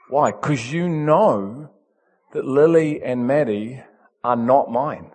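A male pastor, preaching in an animated, emphatic way that swings from loud to soft. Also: mid-range voice, takes it slowly, slightly rough, long reverb tail. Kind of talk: storytelling sermon.

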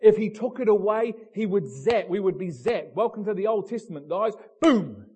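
Husky, high-voiced preacher. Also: male voice, animated, moderate pace, darkish tone. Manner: passionate, direct, blunt questions to the congregation. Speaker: pastor. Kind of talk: sermon.

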